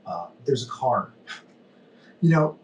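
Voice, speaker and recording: A man's voice: medium pitch, sing-song, takes it slowly, slight background noise. A man from New Jersey as a podcast guest, talking candidly and laughing at his own mistakes. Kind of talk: casual podcast chat. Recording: roomy, distant mic with faint ambience.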